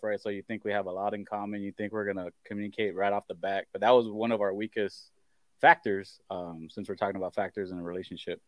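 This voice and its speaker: A man in a casual chat, speaking hesitantly with many pauses and ums. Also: on the low side, clear, resonant tone, no room sound.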